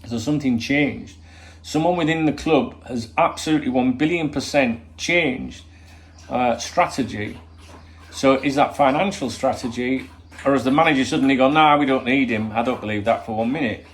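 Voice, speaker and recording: A man's voice: mid-range voice, normal speed, slight background noise. A man hosting a football channel, talking in a rambling, swear-laden opinion monologue full of rhetorical questions.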